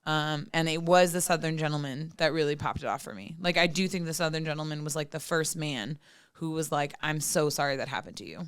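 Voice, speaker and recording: A woman's voice: low-pitched, fairly even intonation, a little fast, clear, resonant tone, no echo, studio quality. A woman in her thirties talking candidly and profanely as a podcast guest, full of "like" fillers. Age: 30s. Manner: frank, profane, many "like" fillers. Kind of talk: candid casual chat.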